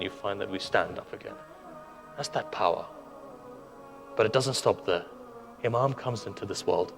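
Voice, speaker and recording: A man preaching a sermon, telling stories with quoted dialogue and rhetorical questions, moving between loud urging and hushed sorrow. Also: mid-range voice. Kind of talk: sermon storytelling.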